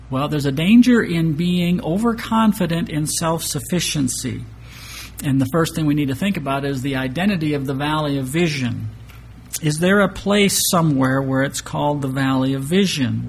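A man's voice: medium pitch, slight background noise. A man preaching an expository Bible lesson in a conversational way, often restarting phrases and asking the congregation rhetorical questions. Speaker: pastor. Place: church sanctuary with projected map.

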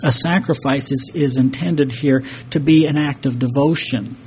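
Earnest preaching man, mellow voice. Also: mid-range voice, normal speed, a little hiss or hum. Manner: earnest, emphatic preaching with restarts. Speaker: pastor. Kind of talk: sermon.

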